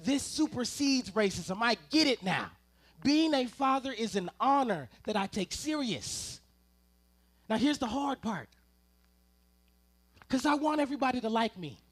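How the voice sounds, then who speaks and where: Guy preaching sunday service, high bright voice, funny family stories, keeps talking to the room. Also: unhurried, pauses often. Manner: animated, humorous storyteller with asides to the congregation. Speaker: ministerial intern preaching. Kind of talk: sermon with personal storytelling. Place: church service before a congregation.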